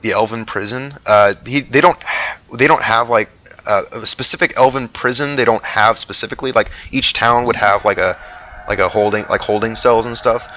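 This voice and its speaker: A man running a tabletop game as game master, his narration loose and full of fillers. His voice is low but bright and sharp. He laughs often at his players. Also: normal speed, poor audio.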